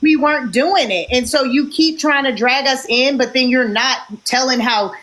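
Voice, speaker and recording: A woman's voice: sits high, moderate pace, fairly bright tone. A woman in heated casual chat on a group livestream, insistent and explaining at length.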